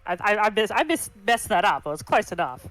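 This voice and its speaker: A woman chatting casually on a livestream, easygoing and soft-spoken. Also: medium pitch, very animated, brisk, no room sound, poor audio. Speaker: co-host on a livestream. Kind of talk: casual chat.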